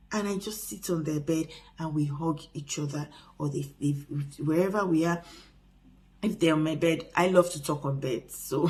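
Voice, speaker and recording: A middle-aged woman hosting a parenting channel, talking earnestly to camera with frequent restarts and pauses. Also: low voice, darkish tone. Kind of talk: casual advice talk to camera.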